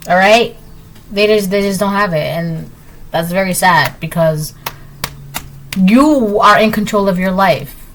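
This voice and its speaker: A woman's voice: medium pitch, moderate pace, fairly bright tone. A woman giving a collective tarot reading, talking straight to viewers in an emphatic, repetitive way. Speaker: tarot reader.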